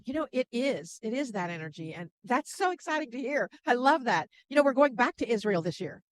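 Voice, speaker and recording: A woman guest who works as a spiritual channel, speaking gently and laughing softly between thoughts. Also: on the high side, big pitch swings, fairly quick, slight background noise, poor audio. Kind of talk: casual interview chat.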